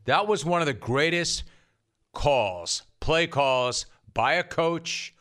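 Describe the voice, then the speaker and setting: Male sports-talk host, punchy and brash, fairly high, bright delivery. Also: animated, takes it slowly. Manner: brash, punchy, repeats short phrases. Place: radio studio.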